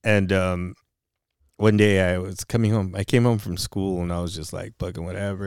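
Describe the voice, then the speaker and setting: Low, smooth-voiced man telling a story. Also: little pitch movement, fairly quick, a little mellow, dry recording, studio quality. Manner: profane, confessional storytelling. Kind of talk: casual chat.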